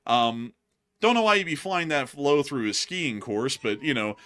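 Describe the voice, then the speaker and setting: A man's voice: medium pitch, sing-song, normal speed, a bit bright, clear, resonant tone. A man hosting a casual war news commentary show, chatty with frequent laughs and fillers. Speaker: host.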